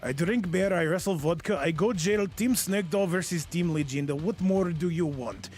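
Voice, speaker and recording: A man doing a jokey put-on Russian accent as a blunt, boastful tough guy, speaking in slow, clipped broken English. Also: high voice, a little mellow, slightly rough, faint music behind.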